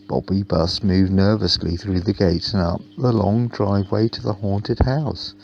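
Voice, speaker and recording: A man narrating a children's storybook in a slow, gentle way. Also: low-pitched, fairly even intonation, gravelly. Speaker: storybook reader. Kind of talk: children's storybook read-aloud. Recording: dull lo-fi with faint hum.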